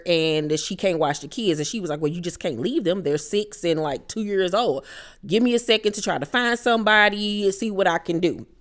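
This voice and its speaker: A woman hosting a casual reality TV recap, talking in an animated, gossipy and profane way, with bursts of mock outrage. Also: medium pitch.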